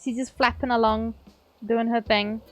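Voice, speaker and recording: A woman's voice: a little high, little pitch movement, normal speed, a bit bright, soft background music. A woman live streaming a game, chatting casually and playfully with her viewers and swearing now and then. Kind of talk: casual live-stream chat while gaming.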